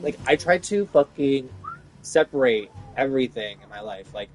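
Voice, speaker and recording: A man's voice: medium pitch, animated, normal speed, faint music behind. A man in a casual, profane rant about his workplace, exasperated and rambling, with lots of fillers. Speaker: vlogger venting about work.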